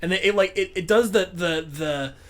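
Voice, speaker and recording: A man with a fairly high voice co-hosts a casual movie podcast. He chimes in eagerly to fill in details, and laughs easily as he goes. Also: moderate pace, a bit bright. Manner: chatty, jumps in to add details, laughs easily. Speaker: podcast co-host. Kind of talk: casual movie review chat.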